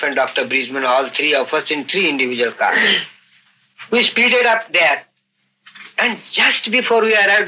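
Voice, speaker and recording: An older man recounting events in an unscripted interview, earnest and halting, often saying "you see". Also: mid-range voice, bright, forceful tone, a little hiss or hum, rough recording. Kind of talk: unscripted storytelling.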